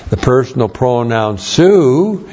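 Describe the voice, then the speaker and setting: A man's voice: medium pitch, very animated, slow pace, darkish tone, muffled recording. A man preaching verse by verse, explaining Greek grammar, spelling words out and repeating phrases for emphasis. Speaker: pastor. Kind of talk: verse-by-verse Bible teaching.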